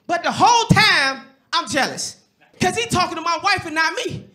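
High, bright, shouting stand-up man. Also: normal speed. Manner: loud, animated storytelling with many shouted voices. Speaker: stand-up comedian. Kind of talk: stand-up comedy set. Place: comedy club stage.

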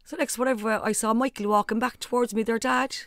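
A middle-aged Irish woman telling a family story on a podcast in a casual, animated way with blunt asides. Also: fairly high pitch, fast, no echo, studio quality. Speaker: guest, the host's mother.

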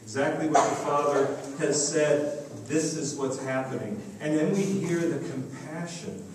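In an echoey church sanctuary, caught on a distant mic with faint noise, a pastor delivers a sermon. His voice is a little high and his pace measured as he tells a story and acts out the voices in it.

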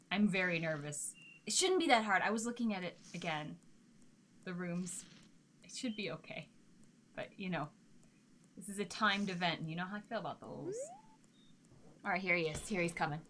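A woman streamer giving casual let's-play commentary, chatty and talking to herself and the game, swinging between nervous and excited. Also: medium pitch, a little fast, a little hiss or hum.

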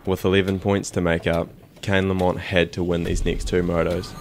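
A man giving calm, measured scripted narration for a race documentary. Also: low voice. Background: music.

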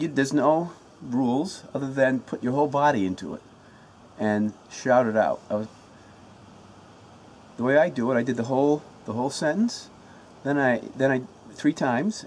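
A man's voice: mid-range voice, a little mellow, breathy edge. A man giving a casual self-help talk to the camera from his home, earnest and pumped up, often restarting and repeating his words. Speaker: motivational vlogger.

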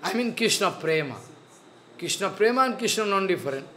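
A man giving a spiritual sermon, slow and earnest, repeating his phrases. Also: high-pitched, animated, bright, forceful tone. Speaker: spiritual teacher.

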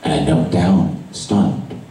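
A man, a priest, giving an emotional sermon that drops to a hush and rises to cries. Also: low voice, fairly even intonation, slow, slight background noise. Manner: emotional testimony, voice swinging from hushed to cries. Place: large church at a retreat Mass. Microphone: far camera recording. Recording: echoey church from far off.

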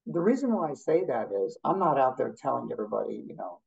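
A man's voice: mid-range voice, lively intonation, fast, gravelly, darkish tone, husky, dull audio. A man, a therapist guest, talking bluntly and telling stories in a casual interview. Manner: blunt, storytelling, competitive.

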